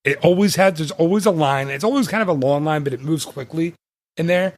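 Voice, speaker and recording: A man's voice: a little high, brisk. A man hosting a travel podcast in casual chat, rambling and laughing often as he corrects himself. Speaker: podcast host.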